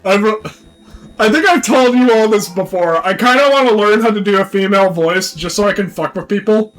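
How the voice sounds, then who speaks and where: A man's voice: high voice, fairly quick, fairly bright tone, faint music behind, low-quality recording. A young man streaming live, chatting casually, crude and laughing as he rambles. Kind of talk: casual livestream chat.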